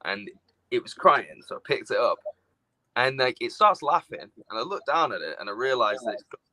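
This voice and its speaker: A man co-hosting a casual podcast chat, telling stories in a lively way and acting out his own reactions. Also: medium pitch, moderate pace, no echo, low-quality recording. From outside the United States. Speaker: podcast co-host.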